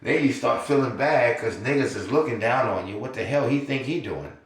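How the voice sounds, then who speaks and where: An older man talking in a casual podcast monologue, profane and animated, laughing often between points. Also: medium pitch, moderate pace. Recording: roomy echo.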